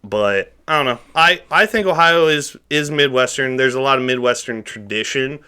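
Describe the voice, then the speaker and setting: Young guy with a bright forceful voice, rambling podcast chat, keeps restarting. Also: mid-range voice, moderate pace, smooth. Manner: rambling, restarts his thoughts often. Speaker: podcast co-host. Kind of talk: casual chat.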